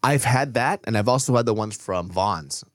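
A man's voice: on the low side, lively intonation, normal speed, dry recording, clean studio sound. A man co-hosting a podcast, chatting casually and laid-back, with loose slang and frequent swearing. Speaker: podcast co-host. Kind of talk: casual chat.

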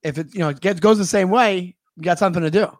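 A man's voice: high voice, fast, no room sound, clean studio sound. A man in casual conversation, chatty and full of advice, acting out little quoted lines as he talks. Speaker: podcast co-host. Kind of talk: casual chat.

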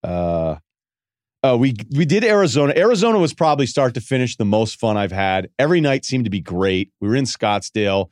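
A man's voice: medium pitch, sing-song, fairly quick, dry recording, clean studio sound. A man hosting a podcast, telling rambling, self-deprecating stories in a casual way. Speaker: podcast host. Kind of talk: casual storytelling monologue.

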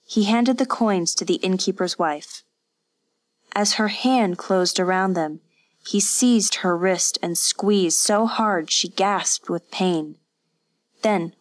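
Woman audiobook narrator, slow and measured, fairly low voice, dry close recording. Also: no echo. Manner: measured, even storytelling. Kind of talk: scripted narration.

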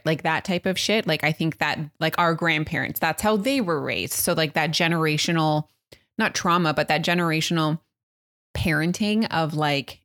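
A woman in her thirties co-hosting a casual podcast with her partner, chatty, quick to laugh and swear. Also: deep voice, fairly bright tone. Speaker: podcast co-host. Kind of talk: casual couple chat.

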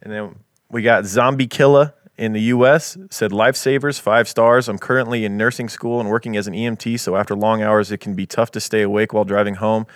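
An easygoing man with a low voice co-hosts a podcast and reads listener reviews aloud between casual asides. The recording is dry and close-miked. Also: steady tone, fairly quick, no echo. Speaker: podcast co-host.

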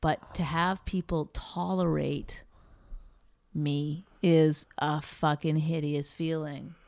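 A woman's voice: low-pitched, little pitch movement, slow pace, creaky, darkish tone, no echo, studio quality. A middle-aged woman comedian in casual chat, blunt and teasing, arguing and swearing freely.

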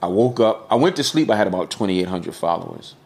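Low-voiced man telling his story candidly. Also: expressive, fast, a little mellow. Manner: candid, storytelling, peppered with slang and cussing. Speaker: guest. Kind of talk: casual podcast conversation.

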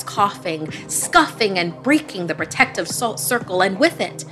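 A woman giving scripted, dramatic narration of a horror story, dropping to a hush in tense moments. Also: on the low side.

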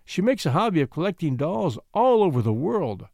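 A man's voice: on the high side, big pitch swings, a little fast, creaky, a little mellow, no echo, clean studio sound. A man doing a mild, kindly uncle.

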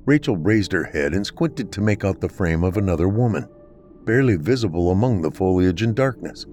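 Lively male horror storyteller. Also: low voice, brisk. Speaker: podcast host and storyteller. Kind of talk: dramatic horror story narration.

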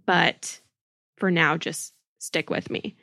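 A woman hosting a true-crime podcast, speaking in an earnest, emphatic and deliberate way. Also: low-pitched, fairly even intonation, creaky, sharp tone, no echo, clean studio sound. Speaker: podcast host.

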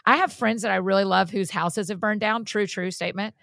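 A woman co-hosting a podcast, telling a story in an animated, heartfelt way and sharing her faith. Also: mid-range voice, fairly quick, gravelly, no room sound, clean studio sound. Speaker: podcast co-host. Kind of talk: casual chat and storytelling.

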